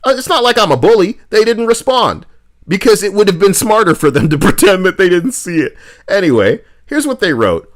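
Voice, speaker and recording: A man's voice: sits high, a little fast. A man streaming, ranting in a profane, sarcastic way about gaming news, often slipping into mocking voices. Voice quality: animated, swings between mock voices and mutters. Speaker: streamer reacting to posts.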